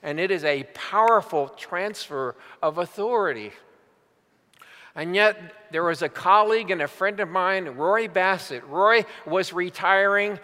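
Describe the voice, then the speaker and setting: An older pastor delivers a sermon, unhurried and emphatic, leaning into his stories. His voice sits high and bright for a man. It rings through a large church with a long reverb.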